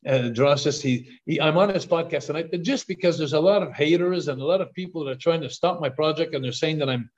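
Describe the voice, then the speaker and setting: Older man, podcast guest; eager, restart-heavy storyteller, slightly higher voice, muffled remote audio. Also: quick pace, few pauses. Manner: excited storyteller, repeats words on restarts. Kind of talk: storytelling interview talk. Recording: dull lo-fi call audio.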